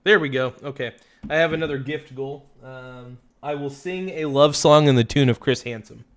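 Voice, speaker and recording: Excitable, foul-mouthed male livestream host. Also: medium pitch, moderate pace. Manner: excitable, swears often, reads out viewers' names to thank them. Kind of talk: casual livestream chat.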